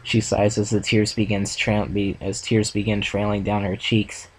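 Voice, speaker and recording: A man reading a second-person fan story aloud for a reaction video, steady with small restarts. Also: on the low side, normal speed, slight background noise, low-quality recording. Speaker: fan fiction reader.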